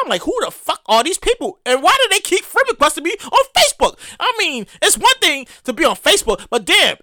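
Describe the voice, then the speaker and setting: A high-voiced woman hosts her solo comedy podcast, swooping all over her pitch as she rants. She swears freely and repeats lines for laughs. Her voice is crisp and dry, recorded close with no room sound. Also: no echo. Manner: animated, profane, repeats phrases for comic effect. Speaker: podcast host.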